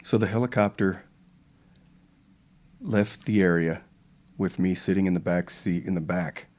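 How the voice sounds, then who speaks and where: Older guy with a really deep voice, slow vivid war story on a podcast. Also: a little mellow. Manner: slow, measured retelling with vivid detail. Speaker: podcast guest, retired pararescueman. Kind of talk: interview storytelling.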